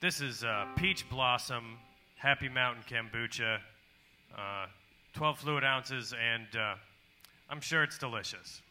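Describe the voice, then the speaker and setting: A man at a small live comedy venue, hesitant and halting, fumbling through an improvised ad. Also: mid-range voice, sharp tone, faint music behind. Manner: hesitant, halting, lots of fillers. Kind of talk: improvised ad bit.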